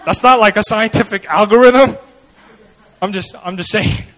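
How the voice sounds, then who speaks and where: A man's voice: high voice, moderate pace, rough recording. A man preaching a sermon in a conversational way, often acting out the people he quotes. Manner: conversational, animated, acts out quoted voices. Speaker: pastor.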